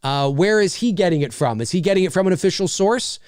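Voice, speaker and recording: A man's voice: high-pitched, expressive, fast talker, darkish tone, smooth, no room sound, studio quality. A middle-aged man and voice actor hosting a casual livestream, rambling with lots of fillers as he reads viewer messages. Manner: rambling, many fillers and restarts.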